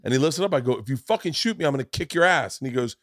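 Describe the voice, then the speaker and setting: A man hosting a podcast spins a rowdy, swear-filled story and slips into the voices of the people in it. His voice sits at an ordinary middle pitch. The sound is close and dry, with no room around it. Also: very fast, no echo. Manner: profane, animated storyteller who acts out voices. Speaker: podcast host. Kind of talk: casual storytelling chat.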